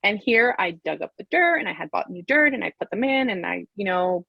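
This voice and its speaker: A woman in relaxed conversation, a therapist and life coach telling a personal story with lots of animation. Her voice has a husky, slightly breathy grain. The sound is dry and close, with little room around it. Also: brisk, no room sound, lo-fi sound. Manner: animated, acts out quoted voices with big pitch jumps. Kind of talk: casual storytelling chat.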